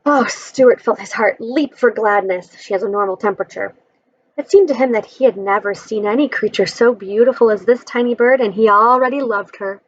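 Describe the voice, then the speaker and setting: A woman's voice: on the high side, moderate pace, muffled recording. A woman reading a children's chapter book aloud, adding friendly explanations between passages.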